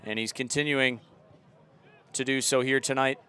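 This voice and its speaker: Young male play-by-play caller with a crisp, clear voice, easy chatter that turns loud at chances. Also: medium pitch, normal speed. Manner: relaxed chatty commentary, rising to loud excited calls. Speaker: play-by-play commentator. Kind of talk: live soccer commentary. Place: outdoor stadium.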